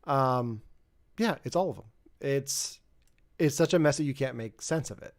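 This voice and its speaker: A man's voice: medium pitch, normal speed. A man co-hosting a film podcast, talking in a loose, rambling way with frequent restarts. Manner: rambling, self-correcting, animated asides. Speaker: podcast co-host. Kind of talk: casual chat.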